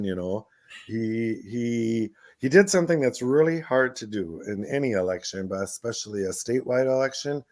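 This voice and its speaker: A man co-hosting a radio talk show, telling lively stories and acting out quoted voices, often laughing. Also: mid-range voice, no room sound. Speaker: radio show co-host, former city council member. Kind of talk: casual storytelling radio conversation.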